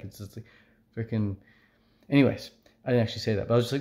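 A man's voice: on the low side, fast talker, mellow, slight background noise. A man vlogging casually to camera, chatty and upbeat, with frequent fillers. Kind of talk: casual talking-to-camera vlog.

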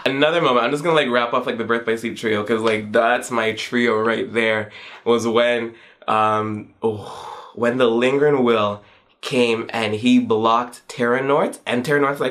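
A young man in his twenties reviews a game in an excitable, gushing way. His voice jumps sharply upward whenever he acts out his own reactions, and his speech is loose and full of casual slang. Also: unhurried. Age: 20s. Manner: excitable and gushing, with pitch leaps on quoted reactions.

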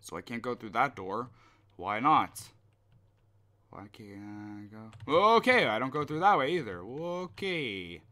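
A young man talks his way through a horror game at an unhurried, drawn-out pace, mostly muttering to himself. His voice has a bright, sharp edge, and he swears and yelps when something startles him. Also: medium pitch, sing-song. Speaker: gameplay commentator. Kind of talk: horror game let's play commentary.

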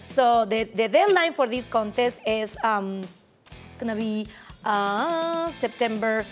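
A woman's voice: on the high side, expressive, takes it slowly, faint music behind. A woman co-hosting a local lifestyle show, chatting with enthusiasm and agreeing often. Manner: enthusiastic, frequent agreeing interjections. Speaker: co-host. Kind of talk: casual chat.

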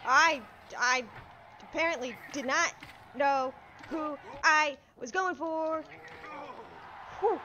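A woman giving live commentary over her gameplay, excitable, yelping and talking back to the enemies on screen. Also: high-pitched, slow pace, pauses often, slight background noise. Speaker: let's play streamer.

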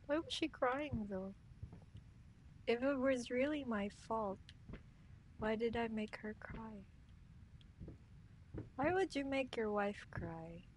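Jumpy woman streamer, slow talk. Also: a little high, slight background noise. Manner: jumpy, talks to herself, scared outbursts. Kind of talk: horror game let's play commentary.

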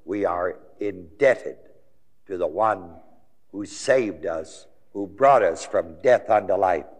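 A male preacher delivering a sermon, quizzing listeners with questions and swinging from low murmurs to high, ringing exclamations. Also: lively intonation, takes it slowly. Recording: long hall reverb.

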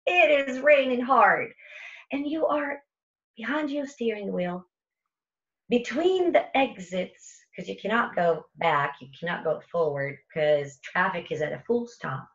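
A woman's voice: on the low side, lively intonation, measured pace, highs cut off. A woman who runs an internet radio station, telling a vivid, dramatic story to an audience with repeated phrases. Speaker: internet radio station host giving a talk.

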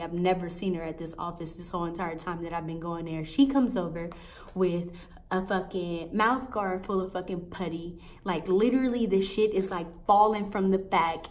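A young woman vlogger telling a story in a casual, profane, animated and exasperated way. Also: lowish voice, normal speed.

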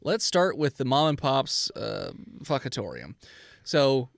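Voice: sing-song, unhurried, creaky, no echo, clean studio sound. A game master running a tabletop game with lots of jokes, narrating and playing townsfolk. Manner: playful, laughing, pops into high squeaky voices for side characters.

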